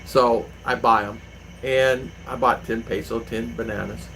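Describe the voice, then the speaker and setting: A man's voice: medium pitch, steady tone, unhurried, sharp tone, slight background noise, low-quality recording. A man hosting his own channel, chatting casually with viewers and rambling through stories with lots of fillers. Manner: rambling, anecdotal, with many fillers. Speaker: vlogger, channel host. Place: home in the Philippines.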